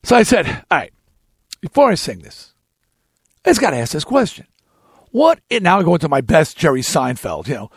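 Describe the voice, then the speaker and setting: A man in his sixties hosting a talk show, telling a long story in an animated, ranting way and acting out other people's lines. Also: high voice, a little fast, gravelly, breathy edge, no echo, clean studio sound. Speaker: podcast host telling a story.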